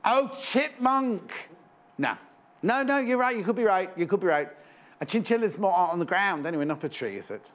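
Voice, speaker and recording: A man's voice: high voice, very animated, fast talker. A man presenting live on a shopping channel, chatting and joking in rambling asides. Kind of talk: live TV sales chat. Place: TV studio.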